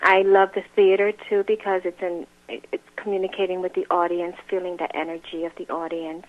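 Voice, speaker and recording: A woman's voice: fairly low pitch, flat delivery, fairly quick. An actress guest chatting in an interview, laughing often and restarting her sentences. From grew up in a Latin music home, now New York. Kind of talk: casual interview chat. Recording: phone-line sound.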